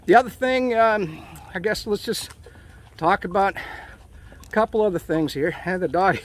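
A man's voice: high voice, slow pace, pauses often. A middle-aged man vlogging casually while walking outdoors in a park, hot and sweaty, talking emotionally in rambling bursts full of fillers. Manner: emotional, ranting, with frequent fillers.

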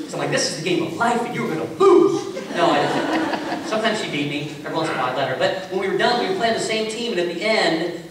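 Man, pastor, high voice, chatty sermon storytelling, distant mic, booming church echo. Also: a bit bright. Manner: conversational storytelling with self-mocking humor. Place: large echoey church sanctuary. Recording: echoey hall from far off with faint hiss.

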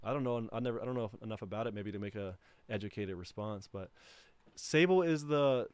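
A man's voice: on the low side, fairly quick, darkish tone, smooth, dry recording. Man hosting a laid-back livestream. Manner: laid-back, rambling, laughs easily. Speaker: livestream host. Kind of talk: casual livestream chat.

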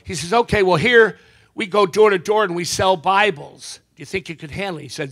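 A man's voice: high voice, very animated, fairly quick, a bit bright, breathy edge. A man performing stand-up comedy and magic on stage, telling jokes with punchy timing and brief character voices.

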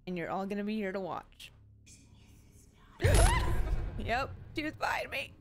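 Woman game streamer, lively swooping voice, foul-mouthed running commentary on horror games. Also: medium pitch, brisk. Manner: swears freely, chatty and expressive. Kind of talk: live reactions to horror games.

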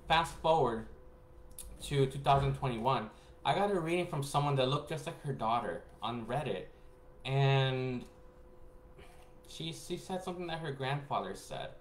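A man chats to his viewers in a loose, rambling storytelling voice that breaks into frequent laughter. He drifts from quiet, low asides to lively, excited stretches. The recording has a roomy echo and a faint background hiss. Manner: animated, laughs often, swings between hushed and excited. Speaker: spiritual reader and vlogger. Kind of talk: casual rambling storytelling to camera. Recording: echoey room with faint background noise.

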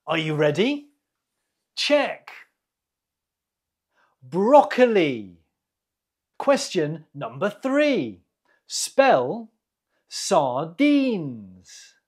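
Quiz-host teacher with a husky tone, very slow, lively rise and fall, repeats every word for learners. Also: mid-range voice. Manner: repeats each word clearly, pauses for the listener. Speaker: English teacher hosting a quiz.

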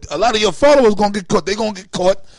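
Brief: high, gravelly man, dry close sound, animated joker. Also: very fast, dry recording, low-quality recording. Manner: animated, joking, mocking imitations. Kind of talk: casual scripture discussion.

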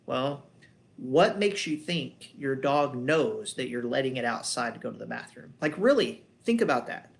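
A man's voice: medium pitch, animated, normal speed, gravelly. A man, a dog trainer, explaining training in a loose, conversational way, wandering between points and posing rhetorical questions. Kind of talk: casual instructional talk.

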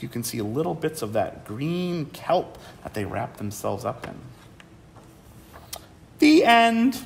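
Bright, lively man reading to kids. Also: high voice, roomy sound, slight background noise. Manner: warm, encouraging, talks to young kids. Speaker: museum educator. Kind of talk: reading a picture book to children. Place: museum program room.

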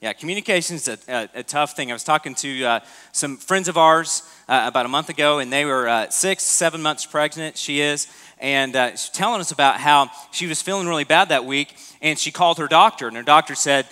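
Speaking a little fast in a slightly high, sharp-toned voice, a pastor gives a relaxed, conversational sermon and asks his congregation questions. The church auditorium adds a long hall reverb.

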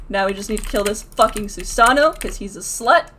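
A woman's voice: mid-range voice, fairly quick, pushed and bright, slight background noise. A young woman streaming a video game, swearing and trash-talking as she plays. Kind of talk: live gameplay commentary.

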